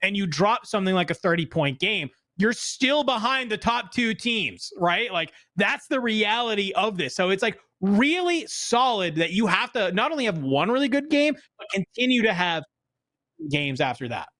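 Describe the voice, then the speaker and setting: A woman casting a live esports broadcast, chatty and animated, often laughing as she breaks down the standings. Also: medium pitch, normal speed, no room sound. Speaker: esports caster.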